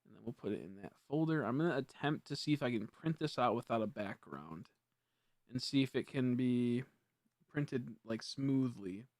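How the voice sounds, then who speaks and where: A man's voice: mid-range voice, animated, normal speed, darkish tone, no echo, clean studio sound. A young man casually chatting on a live stream, rambling and correcting himself, easily frustrated. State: hiccups.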